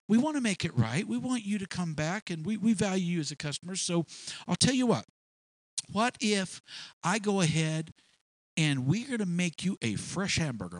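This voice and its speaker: A man's voice: sits high, dry recording. A man preaching a sermon, telling a story and acting out small scenes in changing voices.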